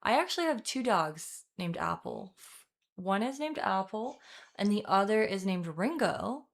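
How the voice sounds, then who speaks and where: Woman, news commentary host, unhurried delivery, jokey, chatty. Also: medium pitch, sing-song. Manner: chatty, jokey, talks to chat. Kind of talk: casual livestream commentary.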